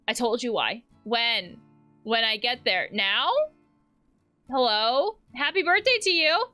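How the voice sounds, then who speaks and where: A woman therapist plays a video game and casually reads text messages aloud in a fairly high, pushed, bright voice. She's playful, laughing and swearing in asides between the lines she reads.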